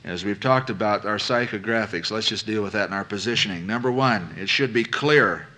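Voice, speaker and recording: A man's voice: on the low side, fairly quick, bright, forceful tone. Guy teaching a business seminar, chatty and folksy, keeps quizzing the room and repeating himself. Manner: conversational, asks the audience questions, repeats phrases for emphasis; folksy, addresses listeners as folks. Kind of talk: live lecture to an audience.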